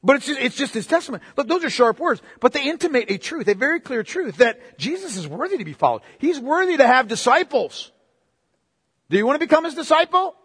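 A man's voice: very high-pitched, fairly bright tone, slightly rough. A man preaching a sermon, emphatic and casual, repeating his phrases, recorded in a church hall. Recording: long reverb of a hall.

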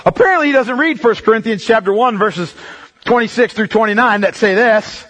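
A male pastor preaching a sermon, emphatic and direct, dropping from loud bursts to a hush and checking in with his congregation. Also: high voice, fairly quick. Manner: emphatic, swings between loud outbursts and hushed stretches; talks straight to the congregation, checking in often.

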